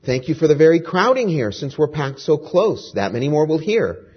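A man voicing a calm, matter-of-fact young woman prisoner who encourages her sister. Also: fairly high pitch, moderate pace, slightly rough, dull audio, pitched above the performer's own voice. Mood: serene.

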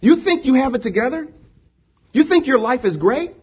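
A man's voice: very high-pitched, very animated, normal speed, slightly rough, lo-fi sound. A man preaching a sermon to a congregation, emphatic, repeating rhetorical questions. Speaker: pastor. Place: church with a congregation.

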